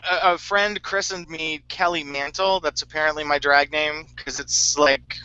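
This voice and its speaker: A man co-hosting a live podcast, bubbly and quick to laugh. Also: a little high, fairly even intonation, sharp tone, clean tone, no echo. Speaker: podcast co-host. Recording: dull lo-fi stream audio.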